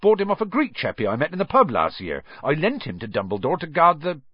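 A man voicing a huge, gruff gamekeeper with blustering rustic speech, in a storybook reading with a dull, dry sound. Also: fairly high pitch, huge pitch swings, fast talker, no room sound, voice pushed up, heavily acted.

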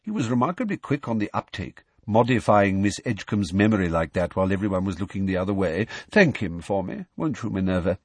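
A man doing a wise elderly wizard who speaks low and earnest. The voice is husky yet lively in its rises and falls, recorded dry and close. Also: fairly quick, hardly any pauses, dry recording, exaggerated voice. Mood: grave. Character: wise elderly male wizard headmaster, calm and grave.

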